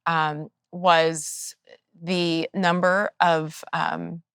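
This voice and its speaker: A woman hosting a podcast interview, talking in an earnest, measured, opinionated way. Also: fairly low pitch, flat delivery, gravelly, fairly bright tone, clean tone, no room sound, clean studio sound. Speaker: podcast host. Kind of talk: interview conversation.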